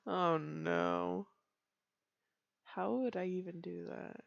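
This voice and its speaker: Woman, livestream chat, giggly, self-deprecating, gravelly, slow-talking, dull dry desk-mic sound. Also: on the low side, steady tone, no echo. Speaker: streamer.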